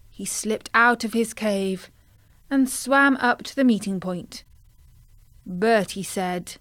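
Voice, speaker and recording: A woman narrating a children's story in a gentle, expressive way. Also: mid-range voice, takes it slowly, dry recording, studio quality.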